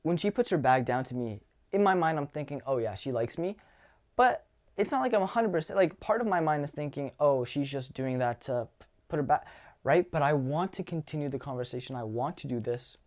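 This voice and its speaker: A young man talking casually as a dating coach, animated and swearing, acting out lines from his own conversations. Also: fairly high pitch, a little fast. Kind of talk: casual advice monologue.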